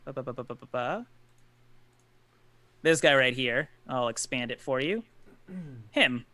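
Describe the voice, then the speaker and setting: Dude running a tabletop game, rambles a lot, bright voice, dry sound. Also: male voice, mid-range voice, unhurried, dry recording. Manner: rambling, lots of filler words. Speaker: game master.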